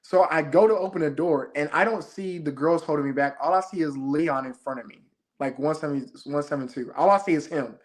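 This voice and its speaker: A young man with a slightly high voice tells a story in a rush, acting out the shouts of the moment as he recounts it. He talks like a guest in a casual, lively interview. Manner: fast, excited retelling, acting out his own shouts. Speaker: interview guest, former game show contestant. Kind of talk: animated storytelling in casual chat.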